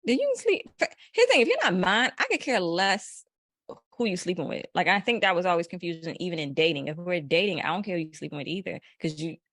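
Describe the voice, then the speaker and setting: A woman from the United States talks in a blunt, slangy way and laughs often as a podcast guest. Her voice sits fairly low. The sound is close and dry, with no room around it. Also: very animated, fast talker, a bit bright, dry recording. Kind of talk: casual chat.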